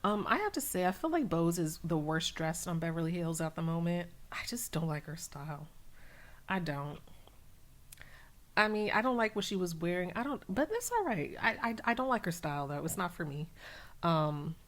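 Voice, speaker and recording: A woman with a slightly low voice talks through a reality show episode in a loose, chatty way. She fills her sentences with ums and likes and keeps her retelling animated. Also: normal speed. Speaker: recap channel host. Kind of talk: casual TV recap.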